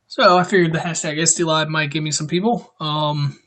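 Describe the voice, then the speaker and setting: A man's voice: fairly high pitch, steady tone, a little fast, fairly bright tone, slight background noise. A young man hosting a casual livestream, greeting viewers by name and joking around. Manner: chatty, greets viewers, jokey. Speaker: livestream host.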